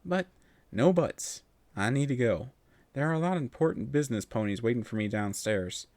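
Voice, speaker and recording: A busy pony father voiced by a man in a storybook reading, firm and clipped. He talks loudly and a little high, dismissing the child. Dry, close recording. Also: expressive, moderate pace, no echo, lightly acted. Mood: curt.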